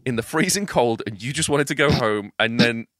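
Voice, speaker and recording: A man's voice: mid-range voice, a little fast, a bit bright, dry recording. A young man co-hosting a casual film chat, playful and teasing, swearing freely. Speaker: podcast co-host.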